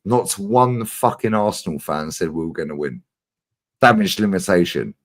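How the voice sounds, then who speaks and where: A lively man hosting his channel's live chat, talking fast and loose with plenty of swearing. His pitch swings widely as he tells his stories, sitting on the lower side overall. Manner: animated, swearing storyteller. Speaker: channel host.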